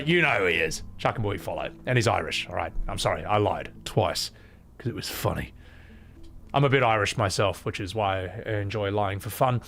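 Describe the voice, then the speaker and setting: A male game streamer talking casually with his chat, excitable and quick to swear and joke. His mid-pitched voice leaps up and down as he reacts. Soft game music plays faintly underneath. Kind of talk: casual gameplay commentary.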